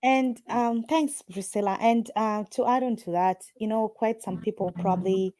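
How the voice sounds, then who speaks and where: A woman's voice: mid-range voice, normal speed, no echo. A woman hosting a casual group call, talking emphatically and telling stories with lots of feeling. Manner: emphatic, animated storytelling.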